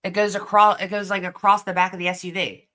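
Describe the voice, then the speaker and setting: A woman's voice: medium pitch, level tone, quick pace, a bit bright. A woman hosting a casual livestream commentary, reacting bluntly with swearing and disbelief. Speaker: host.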